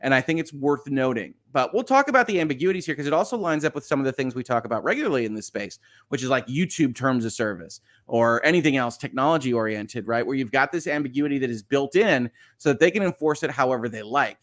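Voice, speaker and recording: A man's voice: medium pitch, animated, quick pace, hardly any pauses, dry recording, studio quality. A man hosting a live-streamed news show, commenting on stories and reading viewer chat, hesitant, with many restarts and frequent chuckles. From United States.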